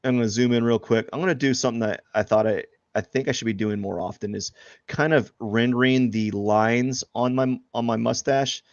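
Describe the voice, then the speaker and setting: A man's voice: medium pitch, fairly even intonation, a little fast, no echo, highs cut off. A man chatting casually and joking about himself while he draws on a live stream. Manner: rambling, self-deprecating, joking. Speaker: artist streaming live drawing.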